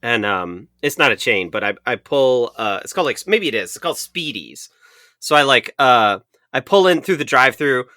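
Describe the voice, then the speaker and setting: Bright-voiced wisecracking man. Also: mid-range voice, big pitch swings, normal speed, no echo, studio quality. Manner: wisecracking, joking interjections. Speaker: podcast co-host. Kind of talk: casual chat.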